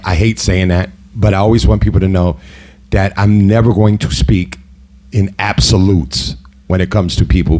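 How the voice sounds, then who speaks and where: A man's voice: low-pitched, a little mellow. A middle-aged man telling a personal story in a casual, heated monologue, with frequent "you know" asides. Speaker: host.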